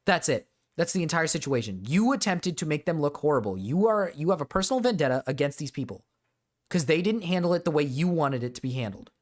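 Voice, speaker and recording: A man's voice: a little high, lively intonation, fast. A man streaming a reaction to a video, ranting in a profane, exasperated way at his chat. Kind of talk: reaction commentary.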